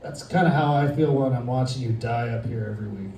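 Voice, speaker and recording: A man's voice: mid-range voice, fast talker, warm tone. A man doing stand-up as a comedy sidekick, telling crude jokes in a rambling way. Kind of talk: live stand-up. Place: comedy night in a dispensary. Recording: echoey room, distant mic, music.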